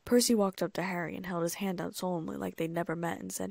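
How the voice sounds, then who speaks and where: A woman narrating a first-person fan fiction audiobook in a lively, amused way, close to the mic. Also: fairly low pitch, fast, gravelly, no echo.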